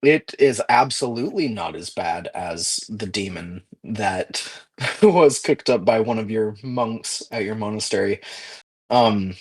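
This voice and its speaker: Slow, halting male game master. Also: fairly low pitch. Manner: slow, halting, many fillers. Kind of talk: narrating a tabletop game.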